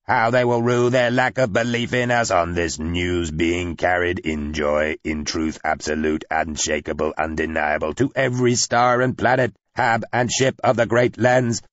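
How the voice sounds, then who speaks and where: Man doing grandiose alien ambassador, low voice pushed higher, slow declaiming, audiobook, lo-fi dry sound. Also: steady tone, a bit bright, dry recording. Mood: exultant. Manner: slow, declamatory, oddly worded. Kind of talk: audiobook character voice.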